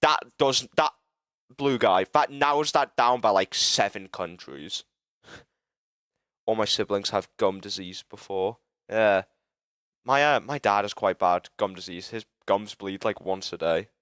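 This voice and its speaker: A man's voice: on the low side, fairly bright tone, clean tone, no room sound, studio quality. A young British man streaming live, rambling and swearing as he fumbles through a building tool and chats with viewers. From Britain. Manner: rambling, self-interrupting, swearing, quick to frustration. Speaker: livestreamer. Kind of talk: casual live-stream chat while game building.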